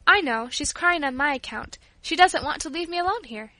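A woman voicing a gentle invalid older sister who soothes and reassures in a storybook reading. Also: sits high, expressive, moderate pace, no echo, pitched above the performer's own voice. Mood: reassuring.

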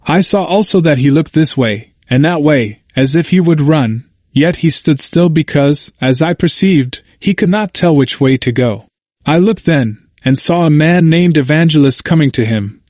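A man reading an old allegory aloud in measured, even scripted narration. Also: on the high side, no room sound, clean studio sound.

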